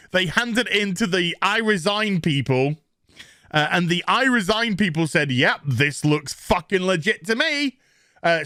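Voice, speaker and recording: A man's voice: sits high, pushed and bright, no echo, studio quality. A man recapping a TV episode in a casual, sarcastic, profane rant, mocking the scenes. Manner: mocks scenes in quick put-on voices. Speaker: TV show reviewer.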